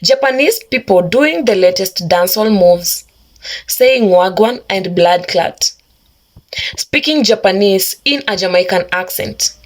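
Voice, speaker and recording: A woman reading a scripted narration in a measured storytelling delivery. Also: medium pitch, expressive.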